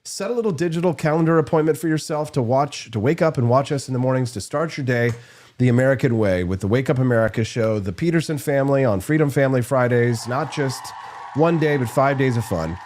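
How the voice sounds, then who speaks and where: A man's voice: mid-range voice, a little fast, a little mellow. Upbeat man hosting a morning stream. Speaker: host. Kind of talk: casual live-stream talk.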